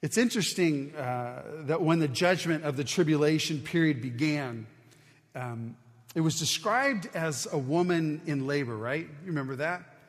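A man delivers a sermon in an earnest, conversational teaching style, often restarting his phrases. His voice sits a little higher than usual for a man. Long reverb trails behind his words, as if he is speaking in a large hall. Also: animated, moderate pace. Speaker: pastor.

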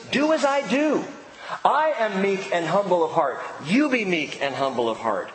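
Animated preaching man in an echoey hall. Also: high-pitched, a little hiss or hum. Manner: emphatic preaching, dropping to quiet intensity. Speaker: pastor. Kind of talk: sermon. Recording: echoey hall with long reverb.

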